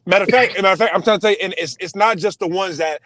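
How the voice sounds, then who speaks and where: A man's voice: high voice, rapid-fire, fairly bright tone, no echo. A man from Los Angeles hosting a casual chat, rambling and profane, with lots of fillers. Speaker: podcast host.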